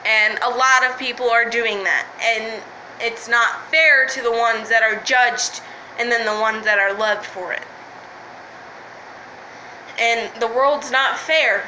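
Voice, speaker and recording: A woman's voice: fairly high pitch, fairly even intonation, slow pace, pushed and bright, a little hiss or hum, rough recording. A woman talking straight to camera in a candid vlog, frustrated and rambling, swearing freely and often apologizing. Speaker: vlogger. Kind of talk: candid, unscripted vlog monologue.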